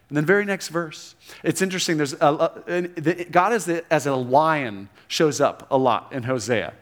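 A male pastor delivers a sermon in a relaxed, conversational tone. His voice sits a little higher than most men's. He shifts into lively, emphatic readings of scripture and falls back to quiet reflection. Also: moderate pace, hardly any pauses. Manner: conversational preaching, animated quoting of scripture, restarts and laughs.

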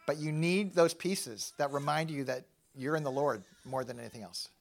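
A middle-aged man giving a casual, animated sermon to a live church audience, self-deprecating and thinking aloud with frequent restarts. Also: fairly high pitch, moderate pace, gravelly. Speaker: pastor.

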